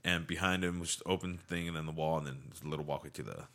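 A man casually telling a ghost story on a podcast, animated and swearing freely. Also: extremely low pitch, very fast.

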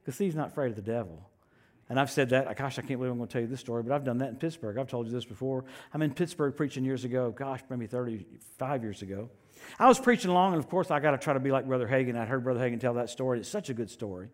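An older man preaching a sermon, telling stories with animated voice swings between loud and soft. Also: mid-range voice, quick pace.

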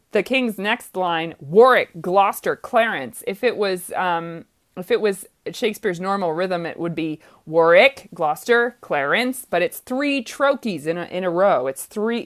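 A woman directing a play reading talks through the scene in a casual, chatty way. Her voice sits somewhat low. She hesitates and restarts often and laughs easily. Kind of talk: casual discussion.

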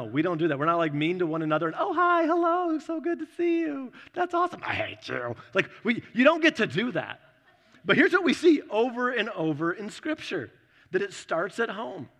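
A man's voice: fairly high pitch, a bit bright. A man preaching a sermon as a pastor, conversational, acting out little voices as he tells his stories. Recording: long hall reverb.

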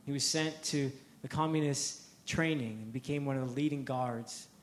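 A man's voice: mid-range voice, normal speed, echoey room, slight background noise. A man preaching a sermon, telling a story with energy, repeating words and acting out the quotes.

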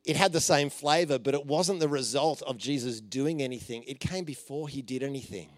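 A man preaching a conversational sermon, telling stories with playful jokes and asides, and dropping to a soft voice for emphasis. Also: mid-range voice, brisk, dry recording. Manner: informal and joking, with many fillers and playful asides.

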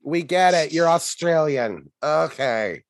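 A man co-hosts a podcast in relaxed chat, speaking in a slightly raised voice. He restarts his sentences and turns emphatic when he acts out lines. The recording is dry and close. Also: on the high side, slow pace, no room sound. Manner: emphatic, hesitant restarts, acts out frantic quotes. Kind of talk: casual chat reviewing a sitcom.

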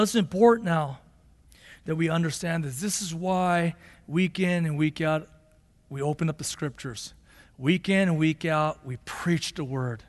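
Male pastor, high-pitched voice, passionate sermon delivery, long church reverb. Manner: impassioned preaching, rising to shouts then dropping low and slow. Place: church sanctuary. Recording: long hall reverb of a sanctuary.

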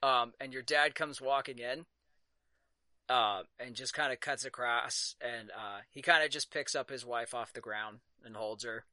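Bright, halting male game master. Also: medium pitch, dry recording. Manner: halting, many fillers, laughs easily. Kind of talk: narrating a tabletop game.

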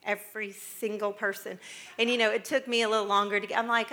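A woman's voice: on the high side, steady tone, fairly quick, bright, forceful tone. A middle-aged American woman giving a chatty, humorous talk to a live audience, rambling through asides with frequent laughs. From United States. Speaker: speaker addressing a live audience.

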